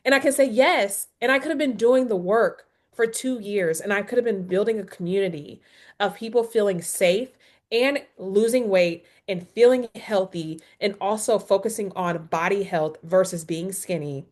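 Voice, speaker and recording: Woman, mid-pitched, candid and expressive, hosting a wellness webinar by video call. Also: normal speed. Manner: candid, expressive, acts out dialogue. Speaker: webinar host, wellness professional. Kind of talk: casual webinar chat.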